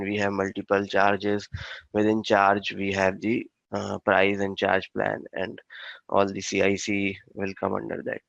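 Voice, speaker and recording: Flat, low-voiced male instructor, halting delivery. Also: vocal fry, no echo, dull audio. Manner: halting, with frequent fillers and restarts. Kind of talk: technical training lecture.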